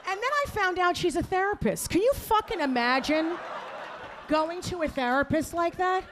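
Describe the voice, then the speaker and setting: A brash female comic works a comedy club crowd with a high, bouncing voice that swoops all over. She is crude and teasing, and a faint audience murmur sits underneath her handheld mic. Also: animated, normal speed, noisy background. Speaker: stand-up comedian. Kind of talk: stand-up set.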